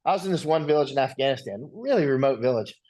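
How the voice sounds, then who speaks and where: A man's voice: medium pitch, lively intonation, quick pace, a little mellow. A man, a guest on an interview show, telling stories in a rambling, conversational way and often checking in with "right?". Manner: rambling anecdotal, tag questions.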